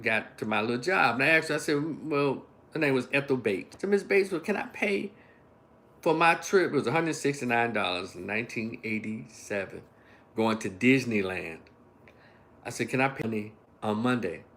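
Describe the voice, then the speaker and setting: A man in his fifties telling a story on a casual livestream, animated, laughing, blunt and profane. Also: mid-range voice. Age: 50s. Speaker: online commentator.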